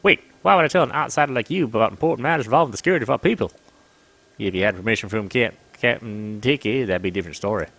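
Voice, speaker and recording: A man's voice: lowish voice, rapid-fire, a bit bright. A man voicing stern female desert guards in a game with a put-on American Southern accent, brusque and dismissive.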